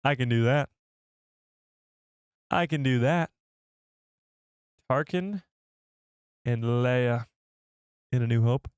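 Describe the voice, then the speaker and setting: A man hosting a live stream, chatting casually with his audience in an excitable, rambling way. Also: mid-range voice, slow pace, long pauses, clear, resonant tone, no echo. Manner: excitable, rambling, talks to the chat.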